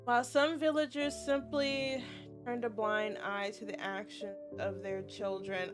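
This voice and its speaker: A woman's voice: on the high side, measured pace, soft background music. Streamer woman swearing through a story. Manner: emotional, swears often, exclaims loudly. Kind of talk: reading game text with live reactions.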